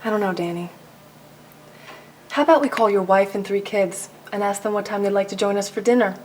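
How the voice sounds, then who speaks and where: Fast-talking, curt clerk with a dry tongue , a woman in the role. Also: medium pitch, darkish tone, a little hiss or hum, natural voice. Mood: sarcastic. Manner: curt, sarcastic. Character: brisk, sarcastic woman office clerk.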